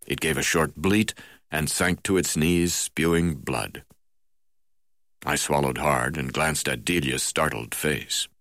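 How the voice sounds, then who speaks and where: A man narrating a memoir in the first person, halting now and then with "uh" fillers. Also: very deep voice, a bit bright, no echo, studio quality.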